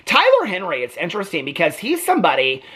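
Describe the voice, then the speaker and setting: Husky guy ranting on his vlog, super animated up and down voice, keeps going "okay?". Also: sits high, fast talker. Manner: chatty, keeps asking "okay?" for agreement; acts out quotes in changed voices. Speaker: reaction vlogger. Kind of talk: casual reaction commentary.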